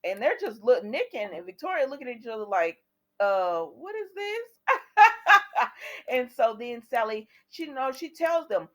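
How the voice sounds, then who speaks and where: A woman's voice: on the high side, big pitch swings, brisk, few pauses. A woman recapping a soap opera episode for her viewers in a chatty way, retelling the scenes and quoting what the characters say. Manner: talks directly to viewers.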